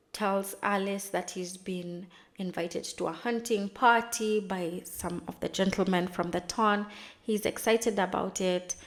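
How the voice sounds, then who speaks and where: Woman host, casual recap commentary, chatty storytelling delivery. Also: medium pitch. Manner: chatty, retells scenes with quick dramatized asides. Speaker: TV recap vlogger.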